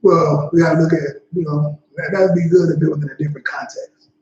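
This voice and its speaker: A man's voice: fairly high pitch, flat delivery, a little fast, noisy background. A man leading a Bible study in a laid-back, slangy way, often saying "you know what I'm saying.". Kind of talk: casual scripture teaching. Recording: dull echoey livestream audio.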